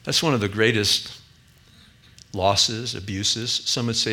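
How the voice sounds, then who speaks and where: A man preaching a sermon as a pastor, earnest, rising to emphatic peaks and dropping quiet again. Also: fairly low pitch, slow.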